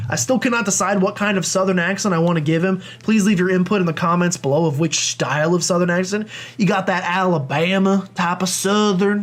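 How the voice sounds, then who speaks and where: A young man talks through a video game playthrough, commenting on every move. His voice sits high for a man. He rambles, jokes about himself and chats casually with his viewers. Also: fairly quick. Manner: chatty, rambling, self-deprecating. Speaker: let's play host.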